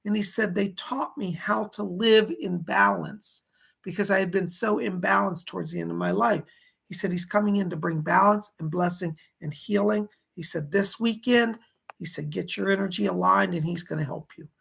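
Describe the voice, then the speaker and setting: A hoarse man giving live psychic readings, passing on spirit messages in quick "he said, she said" bursts. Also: high voice, a bit bright. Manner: relays spirit messages in rapid "he said" quotes. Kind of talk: livestream readings, casual and excitable.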